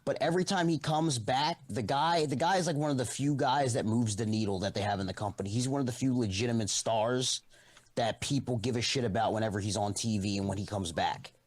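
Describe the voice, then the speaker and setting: A man on a video call who talks in halting restarts and swears casually. He is chatting about wrestling with friends. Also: mid-range voice. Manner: hesitant, restarts often, profane. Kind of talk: casual chat.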